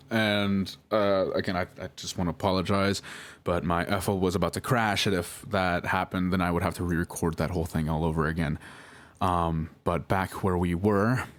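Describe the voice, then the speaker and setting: A young man tells a personal story in a loose, rambling way, apologizing and restarting often. His voice sits on the low side. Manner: rambling, apologetic, many fillers. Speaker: vlogger. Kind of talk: casual storytelling.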